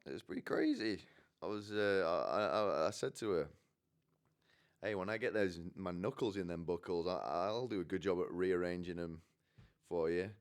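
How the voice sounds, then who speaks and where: A young man rambles through comic anecdotes, swearing freely and slipping into the voices of people in his stories. His voice sits very low in pitch, with a smooth, resonant tone. He speaks in a loose, casual monologue style. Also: moderate pace. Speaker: podcast host.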